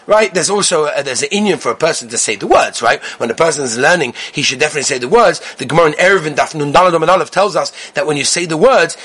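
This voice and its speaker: Animated husky man giving a Torah class. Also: on the high side. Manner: rapid-fire listing of sources, animated and emphatic. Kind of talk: lively spoken Torah lesson. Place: Israel.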